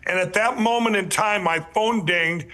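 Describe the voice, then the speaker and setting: A man's voice: high-pitched, moderate pace, bright, forceful tone. A man telling his life story as a podcast guest, earnest and emphatic, rambling with many restarts and repeated words. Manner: earnest, emphatic storyteller who addresses listeners directly.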